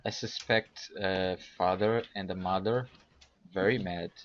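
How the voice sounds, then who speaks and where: Deep slow-talking man player. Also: steady tone, lo-fi sound. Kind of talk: casual tabletop game chat.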